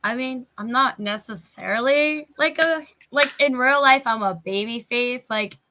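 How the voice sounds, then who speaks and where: A woman's voice: fairly high pitch, measured pace, noisy background. A woman hosting a casual interview, chatty and giggly, with lots of filler words. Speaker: podcast host.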